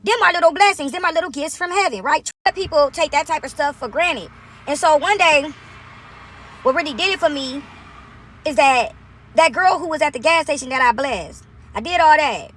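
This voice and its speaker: Woman, high bright voice, chatty storyteller, "right?" after every point. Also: moderate pace, a little hiss or hum. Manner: animated, chatty, frequent "right?" asides. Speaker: vlogger. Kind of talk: casual storytelling monologue.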